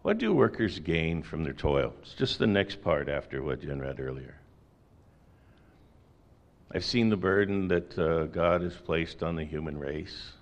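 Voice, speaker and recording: A man's voice: extremely low pitch, expressive, measured pace. A middle-aged man preaching a sermon in a conversational way, with folksy asides and rhetorical questions. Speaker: pastor.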